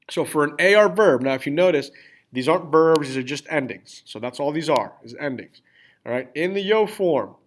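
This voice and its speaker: A man teaching a class, explaining grammar step by step, spelling out endings and checking in often with the students. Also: on the high side. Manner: repeats "all right?" and checks in with students. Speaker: Spanish teacher. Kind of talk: classroom lesson with screen typing.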